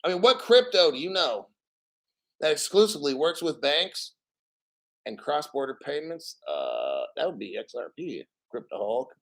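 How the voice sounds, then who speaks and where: A man's voice: fairly high pitch, sing-song, normal speed, rough recording. A man hosting a crypto channel, reading an article aloud with boastful, profane commentary, laughing and getting emotional. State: emotional, near tears.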